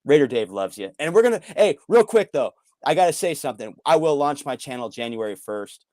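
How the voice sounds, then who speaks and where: A man talking in an excited, casual way as a sports fan co-host, loud and hyped, swearing and swinging his voice up and down. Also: mid-range voice, brisk, no room sound.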